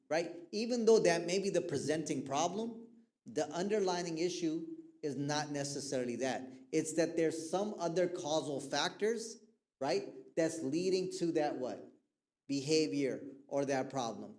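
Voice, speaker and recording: A man with a somewhat high voice gives a relaxed, conversational talk to a youth group on mental health. He keeps checking in with his listeners as he goes, and he tells stories vividly, acting out the voices of the people he quotes. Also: normal speed. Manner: animated storyteller who acts out quoted people.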